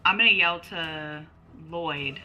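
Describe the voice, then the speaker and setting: A woman's voice: low voice, takes it slowly, highs cut off, soft background music. A woman playing a tabletop game, talking casually and bluntly and swearing now and then. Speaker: player.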